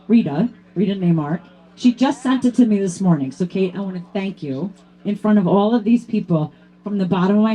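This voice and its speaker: A woman's voice: medium pitch, breathy edge. A woman presenting a hall of fame award to her teammate in a heartfelt tribute speech, fighting back tears. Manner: grows loud and excited toward the end.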